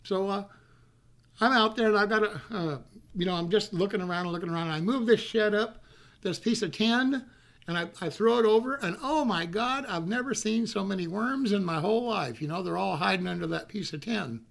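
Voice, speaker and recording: A man's voice: high-pitched, brisk, gravelly, a bit bright. A man telling a rambling, folksy childhood story, often repeating himself. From North Carolina. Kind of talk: casual storytelling.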